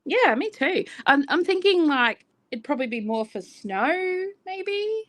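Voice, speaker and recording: A woman's voice: sits high, big pitch swings, a little slow, fairly bright tone, no room sound. An Australian woman co-hosting a craft chat channel, rambling and giggly in casual chat. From North Queensland, Australia. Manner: chatty, rambling, giggly, self-conscious.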